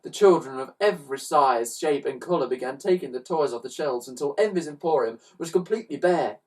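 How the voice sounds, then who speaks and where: A man reading a children's story aloud with expressive, animated narration, recorded on a slightly distant mic. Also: a little high, a little fast. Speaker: storybook reader.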